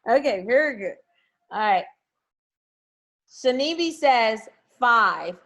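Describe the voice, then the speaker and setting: Woman teacher on a video call, fairly high voice, keeps cheering the kids on. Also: normal speed. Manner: encouraging, coaxing students. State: has a headache. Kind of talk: online class review.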